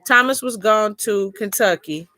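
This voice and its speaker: A chatty middle-aged woman hosting a casual live chat from home, rambling through a personal story. Her voice is bright and forceful, and it sounds dry and close, with no room echo. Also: medium pitch, unhurried. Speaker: live-stream host.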